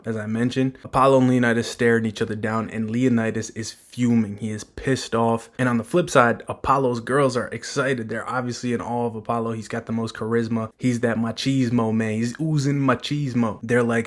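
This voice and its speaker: A man giving a casual, slangy and profane breakdown of a manga chapter as a commentator. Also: medium pitch.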